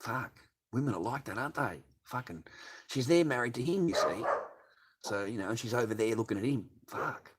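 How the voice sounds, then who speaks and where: A man's voice: medium pitch, lively intonation, normal speed, slightly rough. An older man hosting a late-night livestream, ranting crudely and swearing constantly. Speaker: livestream host.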